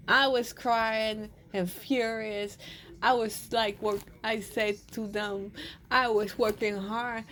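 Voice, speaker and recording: A woman's voice: fairly high pitch, little pitch movement, slow pace, a bit bright, a little hiss or hum. A young woman casually telling a personal story, rambling and restarting her sentences often. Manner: rambling, with many restarts and repeated words.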